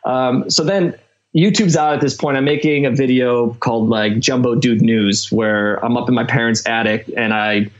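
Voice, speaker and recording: A man's voice: medium pitch, normal speed, highs cut off. A young man from Chicago, a podcast guest telling a story in a casual, rambling way with lots of fillers.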